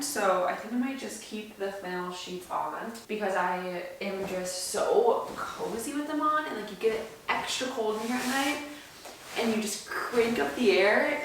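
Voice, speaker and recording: A young woman vlogging casually at home while doing chores, chatty and full of likes, often dropping to a soft whisper. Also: medium pitch, vocal fry, a little hiss or hum. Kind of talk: casual vlog chat.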